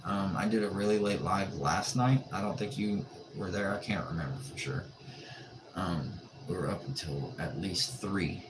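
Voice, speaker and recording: A man's voice: sits low, normal speed. A tired man chatting casually on a late-night livestream, joking and answering viewers' comments in a laid-back way. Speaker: livestream host. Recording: noisy livestream audio.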